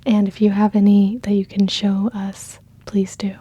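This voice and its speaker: American woman host, soft half-whispery questions, mellow and flat. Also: medium pitch, moderate pace, husky, no echo. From United States. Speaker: interviewer, ASMR host. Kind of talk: soft-spoken interview chat.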